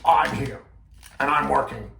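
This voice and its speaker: A man's voice: medium pitch, a little slow, creaky, sharp tone, reverberant, a little hiss or hum, voice pushed up, exaggerated voice. A man voicing a grumpy, irritable male puppet who snaps and scolds. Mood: annoyed. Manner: snappish and scolding.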